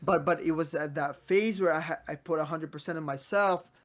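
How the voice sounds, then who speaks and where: Earnest young man, higher voice. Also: a little fast, crowd noise. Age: 20s. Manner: earnest motivational talk with frequent restarts. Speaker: podcast host. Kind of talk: casual podcast chat.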